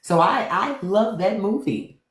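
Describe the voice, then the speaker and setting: A woman's voice: mid-range voice, sing-song, measured pace, reverberant, slight background noise. A woman host giving blunt, profane commentary to livestream viewers, repeating her points. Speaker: podcast host.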